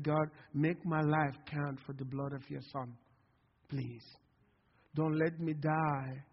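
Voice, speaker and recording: A man's voice: fairly high pitch, a little hiss or hum. A male pastor preaching a sermon to his congregation, with impassioned delivery and frequent calls of "Amen?". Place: church sanctuary. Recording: long hall reverb, dull lo-fi sound.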